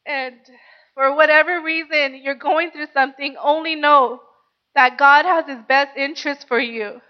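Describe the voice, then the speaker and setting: High-voiced woman preacher giving testimony. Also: steady tone, unhurried, dull audio. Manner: earnest, conversational, frequent "like". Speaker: pastor. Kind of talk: personal testimony sermon.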